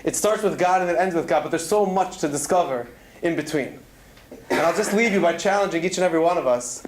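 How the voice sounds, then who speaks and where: A man's voice: a little high, echoey room, a little hiss or hum. A man telling stories with earnest conviction in a Torah talk to students, weaving in Hebrew terms. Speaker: speaker at a student event. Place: event hall.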